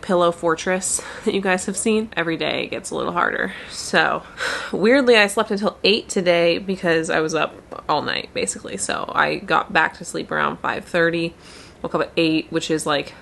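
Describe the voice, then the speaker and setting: A woman's voice: fairly low pitch, creaky, a bit bright. A pregnant young woman vlogging casually, rambling and chatty, swearing here and there. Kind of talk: casual vlog chat.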